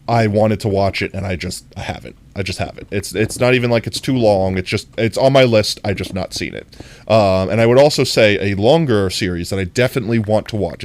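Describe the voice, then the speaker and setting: A man's voice: on the low side, a little hiss or hum. A man streaming a game, chatting casually and playfully with his viewers and laughing often. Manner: playful, giggly, talks to chat.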